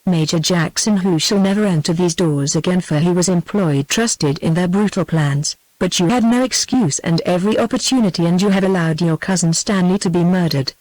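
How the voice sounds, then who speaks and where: A British-accented synthetic woman's voice reading the lines of a proud, passionate young gentlewoman in a cold, scornful way. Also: lowish voice, fairly quick, hardly any pauses, dry recording, close to an everyday voice, low-quality recording. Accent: British English.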